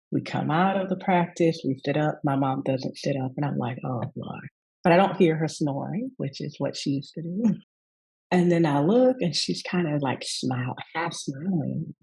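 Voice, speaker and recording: Southern US woman, rest coach; husky, gravelly voice; reflective storyteller in an interview. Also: low-pitched, poor audio. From Southern United States. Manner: warm, reflective storytelling with acted quotes. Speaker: rest coach and yoga teacher.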